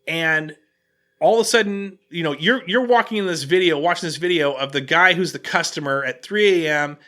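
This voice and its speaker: A man hosting a casual podcast, telling an animated story and restarting his sentences often. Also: high voice. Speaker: podcast host.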